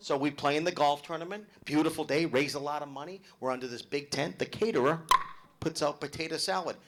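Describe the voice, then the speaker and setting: A middle-aged male stand-up comedian performs a live set with crowd work, speaking a little fast in a voice on the high side. He's brash and profane, teasing members of the audience.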